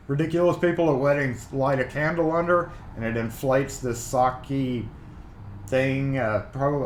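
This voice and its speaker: A man from Mississippi with a Southern accent hosts a casual live-stream chat, rambling and reading viewer comments aloud. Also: medium pitch. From Mississippi, USA. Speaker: livestream host. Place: home workshop. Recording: roomy echo.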